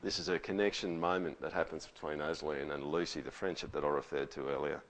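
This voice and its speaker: A man's voice: a bass voice, fairly even intonation, fast talker, fairly bright tone. A man preaching a sermon in a conversational way, often checking in with tags like "all right?". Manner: conversational, with frequent rhetorical tags. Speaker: pastor.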